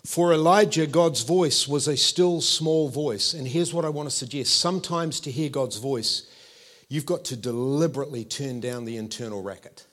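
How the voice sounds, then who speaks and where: Delivering a sermon at a moderate pace and medium pitch, a man in his fifties with a New Zealand accent talks in a lively, conversational way. He checks in with his listeners as he goes.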